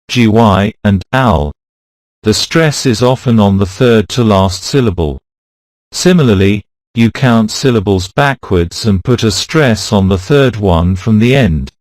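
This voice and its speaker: A man reading a pronunciation lesson in a slow, even way, going through rules and word lists. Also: on the low side, dry recording, clean studio sound. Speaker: pronunciation teacher. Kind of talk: scripted lesson narration.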